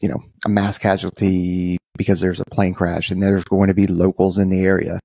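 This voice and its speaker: A man's voice: low-pitched, monotone, fairly quick, creaky, warm tone, dry recording, studio quality. A man co-hosting a podcast, talking casually in a rambling way with frequent restarts.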